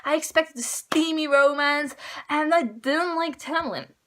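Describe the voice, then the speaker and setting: Exasperated high-voiced young woman ranting. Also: a little slow, a bit bright. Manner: exasperated, ranting, dramatic sighs. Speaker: book vlogger. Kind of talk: casual book review monologue.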